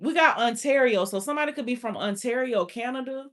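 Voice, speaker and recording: A woman's voice: fairly high pitch, quick pace, fairly bright tone. A woman giving a casual spoken tarot reading, blunt and profane, with constant filler "like". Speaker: tarot reader.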